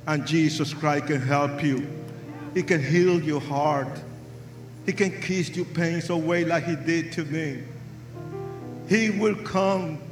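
An older man preaching a testimony sermon with English, impassioned and shouting at the peaks. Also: on the high side. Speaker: evangelist. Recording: roomy hall sound.

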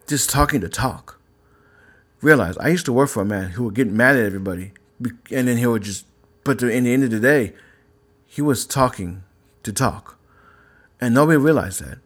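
A married man hosting his own podcast, talking earnestly and a little preachily about anger and faith, often repeating himself and asking questions. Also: lowish voice. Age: adult, married. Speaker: podcast host. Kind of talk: casual faith-based talk.

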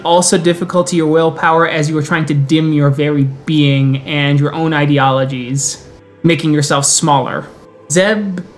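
Running a tabletop role-playing game as storyteller, a man with a fairly high-pitched voice blends leisurely scene narration with quick rules calls.

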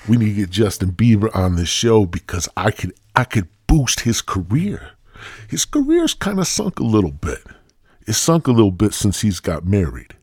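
Husky-voiced man rambling on a podcast. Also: on the low side, very animated, normal speed, a little mellow, no room sound. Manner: profane, rambling, jokey. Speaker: podcast host. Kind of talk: casual rambling monologue.

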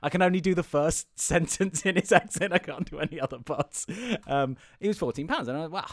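A man's voice: a little high, brisk, no echo, clean studio sound. A young man hosting a podcast, telling long rambling stories, stumbling over words and laughing often. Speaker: podcast host. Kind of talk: casual podcast chat.

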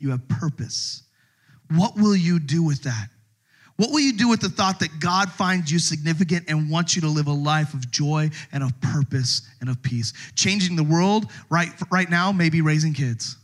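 A middle-aged male pastor delivering a sermon with a fairly high-pitched voice. He preaches in an animated way, dropping low and quiet, then jumping up into shouted lines as he acts out different voices.

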